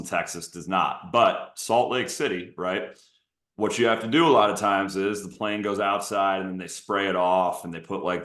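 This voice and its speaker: A man co-hosting a comedic sports podcast, riffing playfully and slipping into silly high-pitched bits. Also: a bit bright, roomy sound. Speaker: podcast co-host.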